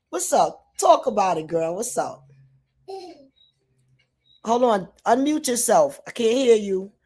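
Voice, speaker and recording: A woman from New York hosting a casual live stream, talking straight to her viewers in a lively way. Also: fairly low pitch, gravelly, husky. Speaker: livestream host. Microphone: phone or computer mic.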